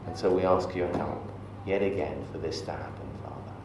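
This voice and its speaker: A man preaching a sermon in a church, relaxed and conversational, leading into stories with asides to the congregation. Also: rumbling low, brisk, background noise. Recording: echoey church from far off.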